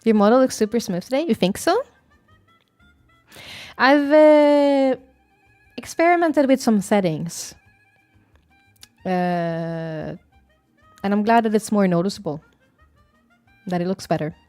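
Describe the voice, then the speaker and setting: A young woman with a southern Swedish accent, chatting casually on a stream, reading chat aloud and musing with fillers and soft laughs. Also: medium pitch, animated, slow, pauses often, no room sound, soft background music. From Sweden.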